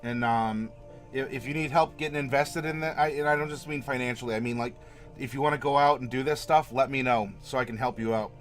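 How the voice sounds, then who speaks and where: A man's voice: medium pitch, fairly even intonation, fairly quick, soft background music. Chatty man hosting a livestream. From Florida. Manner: chatty, laughs often, rambling asides. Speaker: livestream host. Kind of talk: casual livestream chat reading viewer comments.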